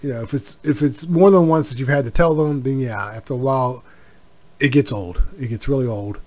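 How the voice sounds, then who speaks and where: A man's voice: medium pitch, fairly quick, a little mellow. A middle-aged man hosting a casual solo podcast, rambling with many fillers and asides. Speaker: podcast host.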